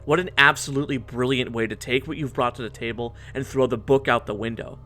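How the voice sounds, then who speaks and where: A man's voice: medium pitch, fairly even intonation, fast talker, bright, forceful tone, slight background noise. A man in his twenties narrating a scripted video essay in an earnest, reflective way.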